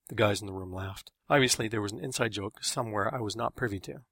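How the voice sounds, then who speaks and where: Man, story narrator, gravelly, dry, matter-of-fact. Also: lowish voice, fast, fairly bright tone, no room sound. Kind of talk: scripted first-person narration.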